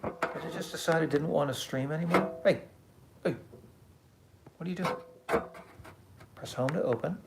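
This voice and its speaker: A man's voice: on the high side, brisk, gravelly, long pauses, loud music behind the voice. Male streamer reading comments aloud, casual, joking at his own expense, echoey room. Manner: warm, chatty, self-deprecating. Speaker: musician hosting a live stream.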